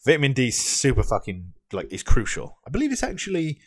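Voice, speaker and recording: A man's voice: medium pitch, wildly swooping pitch, quick pace, dry recording, clean studio sound. A young British man ranting casually into the camera, swearing a lot, sarcastic and full of fillers and restarts. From Britain. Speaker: vlogger. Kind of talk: ranting vlog.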